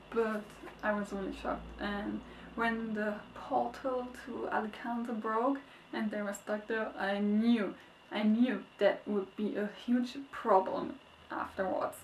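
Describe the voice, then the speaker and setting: A young woman reviewing a book in a casual vlog, gushing and excitable, swinging between squeals and sad murmurs. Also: a little hiss or hum. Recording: echoey, distant, low-quality webcam audio.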